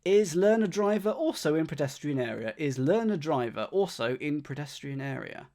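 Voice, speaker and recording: A man's voice: a little high, animated, moderate pace, a little mellow. A man streaming himself solving a crossword, thinking aloud, repeating clues under his breath and thanking viewers by name.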